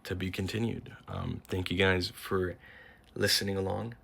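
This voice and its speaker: Gravelly low-voiced man recapping casually. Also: flat delivery, normal speed, a bit bright. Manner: slangy, offhand storytelling, paraphrases dialogue with "he's like". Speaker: comic book recap host. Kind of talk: casual comic book recap.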